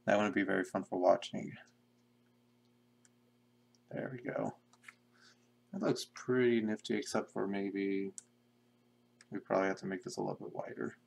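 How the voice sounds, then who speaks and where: A young man casually talking to himself in a flat monotone while drawing pixel art on a live stream. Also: lowish voice, a little fast, creaky. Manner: mumbling to himself, self-described monotone. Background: keyboard typing and clicking.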